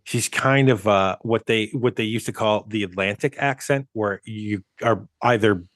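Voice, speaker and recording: A man's voice: fairly low pitch, moderate pace, fairly bright tone, dry recording, clean studio sound. A man co-hosting a movie podcast in casual chat, rambling with many restarts and chuckles. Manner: rambling, restarts often, chuckles while talking. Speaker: podcast co-host.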